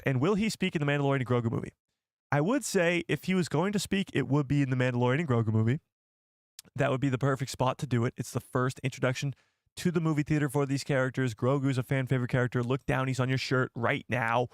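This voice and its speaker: A man's voice: medium pitch, no echo, studio quality. A young man hosting a casual live stream, chatty and jokey, thinking aloud with fillers as he reads out viewer comments.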